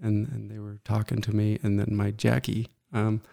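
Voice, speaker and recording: A middle-aged man telling his own story as an interview guest, earnest and halting, often pausing to reflect. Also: fairly low pitch, completely flat delivery, gravelly, dark tone.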